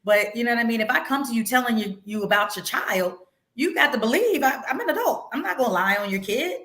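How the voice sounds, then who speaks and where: A woman's voice: fairly high pitch, lively intonation, fast, fairly bright tone, echoey room. A woman hosting a casual talk show, outspoken, swearing freely and laughing often. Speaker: podcast host. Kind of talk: casual chat.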